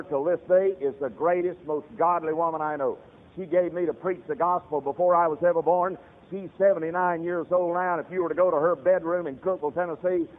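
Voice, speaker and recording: A man's voice: a little high, long reverb tail. A man preaching a fiery sermon, telling stories and addressing his congregation directly. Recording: tinny radio broadcast.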